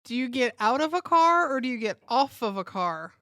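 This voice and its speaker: A woman joining a podcast in casual chat, lively and teasing. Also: on the high side, moderate pace. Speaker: podcast guest co-host.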